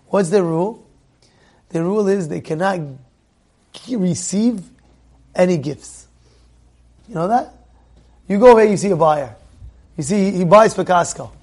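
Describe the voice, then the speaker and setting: A man giving a sermon as a rabbi, animated, acting out little dialogues and repeating phrases. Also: high-pitched. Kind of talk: sermon with storytelling.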